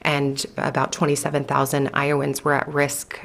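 A woman chaplain running for office, speaking in an earnest, deliberate way in an interview clip. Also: a bass voice, completely flat delivery, creaky, fairly bright tone. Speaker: chaplain and congressional candidate.

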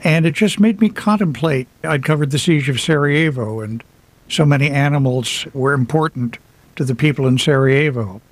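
A man's voice: fairly high pitch, normal speed, no echo. A man who wrote a book, guest on a radio interview, telling personal stories in a reflective way with some light humor. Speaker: author guest. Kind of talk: radio interview, casual storytelling.

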